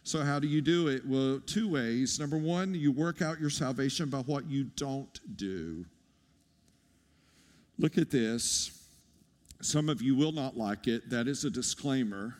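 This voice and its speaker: A man preaching a sermon as pastor, conversational and animated, with asides to the congregation. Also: medium pitch. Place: church sanctuary. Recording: long hall reverb.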